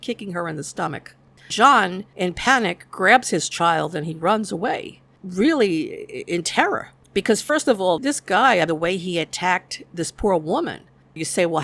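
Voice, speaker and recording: A woman's voice: lowish voice, vocal fry. A woman recapping a TV episode in a casual, chatty way, retelling scenes and quoting the characters' lines. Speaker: YouTube show reviewer.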